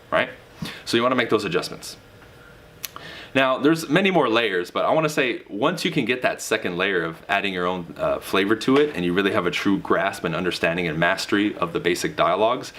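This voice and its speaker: A man coaching salespeople on handling objections in a direct, casual motivational monologue, pushing his voice up sharply to stress points. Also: fairly bright tone. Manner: emphatic, swings pitch for emphasis; direct, casual with mild swearing. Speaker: real estate sales coach.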